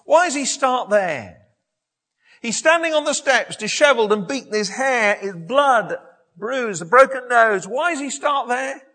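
A man preaching a sermon, telling a Bible story in an animated way with frequent restarts and self-corrections. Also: very high voice, a little slow.

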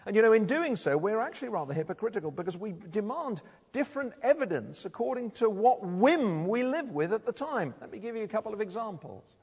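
Gravelly preacher with a lively pitch. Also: male voice, brisk. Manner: conversational, asks the congregation rhetorical questions. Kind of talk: sermon. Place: church. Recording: long reverb of a large hall.

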